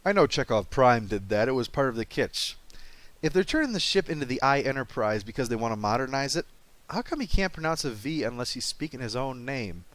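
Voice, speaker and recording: A man's voice: medium pitch, lively intonation, fairly quick, a bit bright, no echo. A man narrating a comedic game review, full of sarcastic wisecracks.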